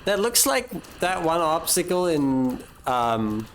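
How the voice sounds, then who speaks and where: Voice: mid-range voice, sing-song, slow, slight background noise. A young adult streamer giving live gameplay commentary, thinking aloud, swearing and mocking their own mistakes.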